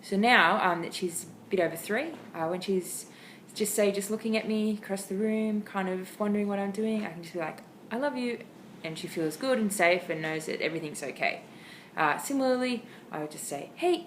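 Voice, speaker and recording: A woman with an Australian accent casually sharing dog training tips at home, chatty and expressive with lots of ums. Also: on the low side, a little hiss or hum, poor audio. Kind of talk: casual how-to talk to camera. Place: home, indoors.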